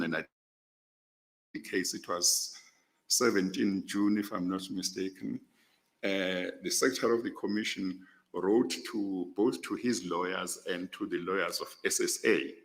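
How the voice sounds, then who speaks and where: Deep voice, slow pace, South African accent, older man, formal interview, hesitant pauses. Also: low-quality recording. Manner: measured, pausing often with hesitations. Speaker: interview candidate.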